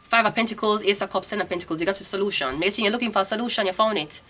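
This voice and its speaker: Her medium-pitched voice races along with a sharp tone as she, a thirty-something Jamaican-accented woman, reads tarot casually. She rants bluntly and swears freely throughout.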